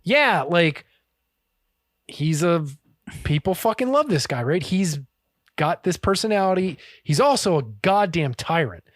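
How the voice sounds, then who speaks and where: High-voiced man telling a story, swearing. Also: unhurried, dry recording. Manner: profane, animated, swears freely. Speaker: podcast co-host. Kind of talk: casual storytelling. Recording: dry close-miked podcast audio.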